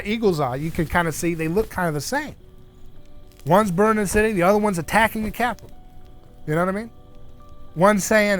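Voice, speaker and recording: A man hosts a casual fireside discussion, his voice pitched a little high. He talks in an animated way, slipping into the voices of the people he quotes. Faint music plays in the background. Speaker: host. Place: around an outdoor fire.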